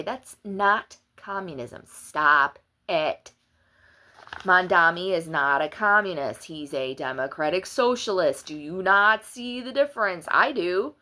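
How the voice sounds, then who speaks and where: A woman's voice: lowish voice, bright, forceful tone. A middle-aged woman summarizing the day's news in a casual, sarcastic and exasperated way, as the host of her channel. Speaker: political commentary vlogger.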